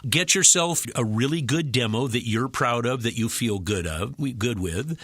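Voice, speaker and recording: A man, a working voice-over actor, chatting in an interview and telling animated stories that slip into quick character voices. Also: mid-range voice, breathy edge, no room sound. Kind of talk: casual interview chat.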